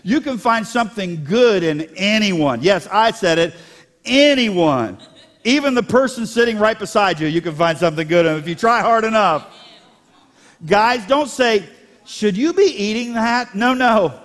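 A male pastor delivers a sermon with a somewhat high-pitched voice. He keeps it lively, teasing his congregation with jokes between serious points. His voice rings with long reverb in a church hall. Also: normal speed. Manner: animated, joking with the congregation.

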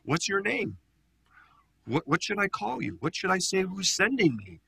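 An anxious ancient prophet, as a man puts him on, pleading with question after question in a raised voice. It has a gravelly, husky tone. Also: high voice, sing-song, moderate pace, bright, forceful tone, voice pushed up, exaggerated voice. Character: pleading ancient male prophet at burning bush.

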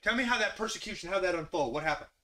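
Male, preacher, bright tone, interactive sermon, repeated direct questions. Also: sits high, animated, very fast. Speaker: preacher leading a Bible study.

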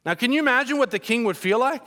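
A pastor delivers a sermon at a fast clip in a very high-pitched voice. He tells the story with animation and jokes, addressing the congregation directly.

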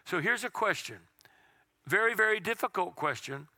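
A man's voice: high voice, animated, normal speed, bright, forceful tone, no room sound, clean studio sound. A man preaching a conversational, folksy sermon as pastor, asking his listeners rhetorical questions. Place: church sanctuary.

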